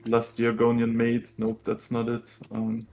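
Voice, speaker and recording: Guy playing a tabletop game, chatty, keeps checking in, normal pitch. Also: monotone, unhurried, a little mellow. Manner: chatty, keeps asking "right?". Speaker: player. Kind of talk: casual tabletop game chat.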